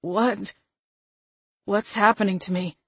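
A woman's voice: medium pitch, steady tone, slow, husky, no room sound. A frightened young man lashes out in clipped, bitter bursts, as a woman narrator puts him on. It is a storybook reading, and his lines come plain and dry with little room sound. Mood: shaken. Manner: terse, bitter outbursts. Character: young man, newly cursed, scared and angry.

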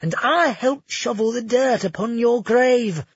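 A man's voice: very high-pitched, measured pace, breathy edge, no room sound, lo-fi sound, voice pushed up, exaggerated voice. A man voicing a sly, vengeful male nobleman villain in an audiobook, taunting and cold.

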